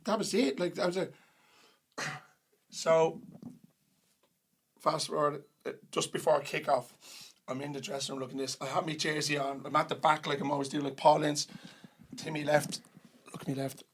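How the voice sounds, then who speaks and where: An Irish man on a podcast as a guest, telling a lively story and acting out the voices of others. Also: fairly high pitch, moderate pace, pauses often, slight background noise. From Ireland. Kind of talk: storytelling in casual chat.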